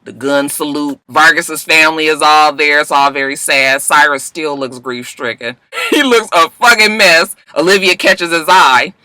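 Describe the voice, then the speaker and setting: A young woman casually recapping a TV drama, animated and profane, acting out the characters' lines in slangy speech. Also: deep voice, moderate pace, no echo, low-quality recording. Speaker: recap vlogger. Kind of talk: casual TV recap with acted-out quotes.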